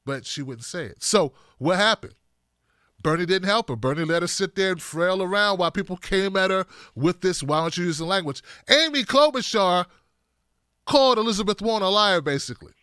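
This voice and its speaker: High, bright-voiced emphatic male commentator. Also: normal speed, clean tone, no echo, studio quality. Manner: animated and emphatic, repeats points for stress. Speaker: political commentator, host. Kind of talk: casual political commentary monologue.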